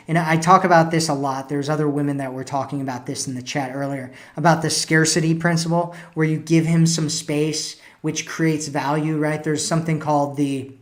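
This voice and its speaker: Hosting a dating-coach live stream, this man speaks at a fairly high pitch. His advice is casual, he reads out comments from viewers, and he keeps adding "right?" and "you know" to his sentences.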